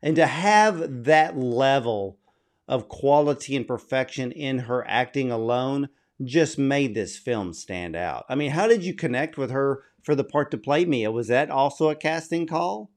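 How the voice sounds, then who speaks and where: A man hosts the interview, speaking slowly and deliberately. He is effusive and admiring as he asks his questions, at an ordinary middle pitch. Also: animated. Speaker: interviewer, host.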